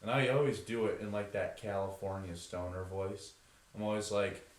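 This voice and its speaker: A man's voice: lowish voice, fairly even intonation, normal speed. A young man co-hosting a podcast who tells stories casually and animatedly, acting out the voices of the people he quotes. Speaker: podcast co-host. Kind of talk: casual storytelling. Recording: roomy echo.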